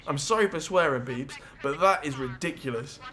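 A young man giving excitable, jokey gameplay commentary as a gaming YouTuber. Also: a little high, normal speed. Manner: excitable, jokey, swears and laughs often.

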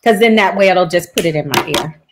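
A woman's voice: lowish voice, brisk, a little hiss or hum. A woman co-hosting a livestream by call, giving short, upbeat replies. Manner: brief, upbeat backchannel replies.

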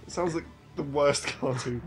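A man's voice: a little high, normal speed, soft background music. A man co-commentating a game in casual banter, making dry teasing remarks. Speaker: gameplay co-commentator. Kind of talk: casual let's-play banter.

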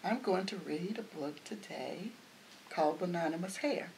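A woman hosting a library storytime, reading a picture book aloud in a gentle, measured way. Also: on the low side, vocal fry, a little hiss or hum, low-quality recording.

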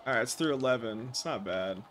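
A man speedrunning a golf game, commenting out loud with frequent swearing and frustrated outbursts. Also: mid-range voice, animated, brisk, a little hiss or hum. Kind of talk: profane live gameplay commentary.

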